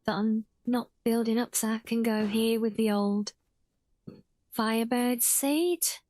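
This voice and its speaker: A woman's voice: fairly high pitch, fairly even intonation, takes it slowly, a little mellow, dry recording. A British woman streaming a game live, chatting casually, often correcting herself mid-sentence and answering her chat. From Britain (half English, half Welsh).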